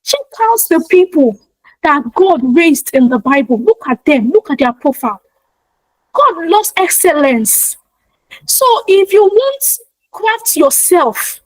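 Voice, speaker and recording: A woman's voice: extremely high pitch, dry recording, poor audio. A woman giving a motivational talk, speaking emphatically and repeating her key points in a preacher-like way. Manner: talks of her own practice in speaking to online audiences.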